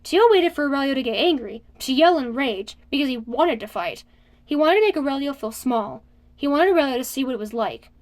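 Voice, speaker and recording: A woman's voice: high-pitched, animated, brisk. A woman narrating a young-adult novel as an audiobook, reading steadily and expressively.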